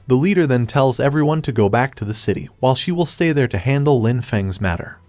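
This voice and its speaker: A man narrates a comic recap, reading in a steady, even way at a middle pitch. His voice sounds close and dry, with soft music playing faintly behind him. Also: no echo. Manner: steady, even storytelling read.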